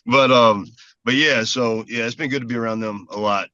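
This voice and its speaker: A man's voice: medium pitch, fairly even intonation, moderate pace, sharp tone, no room sound. Easygoing man on a lo-fi line. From South Carolina. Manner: easygoing, laughs often. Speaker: guest, former baseball player. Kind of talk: casual interview. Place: parked car at a park.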